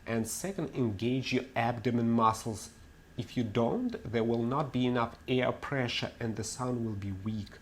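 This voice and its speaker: A man's voice: medium pitch, moderate pace. A man teaching English pronunciation in a webinar, laying out his principles one by one in an explanatory way. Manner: methodical, explanatory, lists principles step by step. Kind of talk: webinar lecture.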